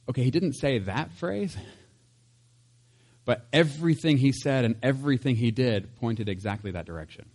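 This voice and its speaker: A man's voice: mid-range voice, a little mellow. A man preaching a casual, conversational sermon, chatty with laughs and asides. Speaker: pastor.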